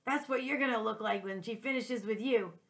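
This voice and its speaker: A woman's voice: mid-range voice, steady tone, normal speed, sharp tone, lightly acted. A sly, grumpy male house cat in a storybook who talks in a smug, teasing tone, as a woman reads his lines. The voice stays close to a natural woman's reading voice, only a little lifted.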